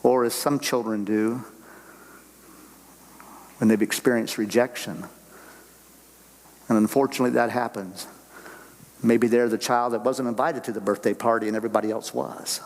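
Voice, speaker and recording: A man's voice: medium pitch, fairly even intonation, normal speed, long pauses, big-room sound, poor audio. An older man preaching a sermon to a church congregation in a folksy, conversational way, full of rhetorical questions. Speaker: guest speaker on missions. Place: church sanctuary.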